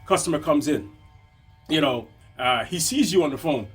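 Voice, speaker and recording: Brief: male business coach, slightly high voice, chatty lesson delivery, soft music beneath. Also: normal speed, husky. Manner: conversational, frequent tag questions "right?". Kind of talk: motivational lesson.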